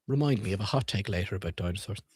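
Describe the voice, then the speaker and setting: A man streams himself reading and reviewing children's books, joking irreverently, swearing freely, and quizzing viewers in casual comedic commentary. His voice is on the low side, animated and rapid-fire with a breathy edge, and there's no echo.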